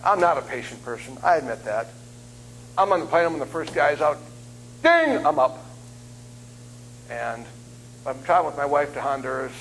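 A man in his fifties preaching as a guest speaker, telling funny stories in an animated, self-deprecating way. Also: medium pitch, brisk, pauses often, a little hiss or hum, low-quality recording. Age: 50s. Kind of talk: humorous sermon storytelling. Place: church sanctuary.

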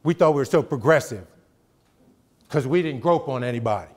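A middle-aged male guest lecturer speaks briskly and expressively in a medium pitch. His college lecture is conversational and emphatic, and he keeps checking in with the audience by asking "right?"

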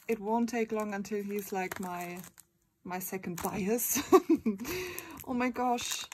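Giggly, slow-talking woman unboxing with crinkling. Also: mid-range voice. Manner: gushing and giggly, squeals and exclaims often. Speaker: vlogger. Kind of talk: casual unboxing chat. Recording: crinkling packaging noise behind. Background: bubble wrap and packaging crinkles.

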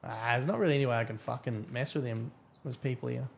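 A man's voice: medium pitch, quick pace, gravelly, a little hiss or hum. A man giving casual, profane, rambling live-stream commentary as a game streamer.

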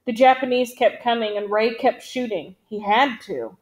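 Woman reading a war novel aloud, kinda high voice, steady pace. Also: moderate pace. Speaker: audiobook reader.

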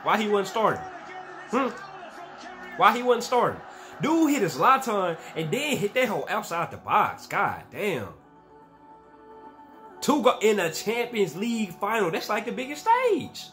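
A young man in his twenties hosting a reaction video, talking in casual slang and bursting into shouts and laughs at the highlights. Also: huge pitch swings, unhurried, pauses often, soft background music.

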